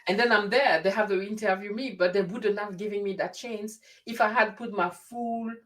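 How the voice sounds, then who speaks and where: A woman hosting a casual conversation, telling stories in an animated way and often restarting her sentences. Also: medium pitch, normal speed. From grew up in France. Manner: animated storyteller with frequent restarts. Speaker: host. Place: lives in the UK.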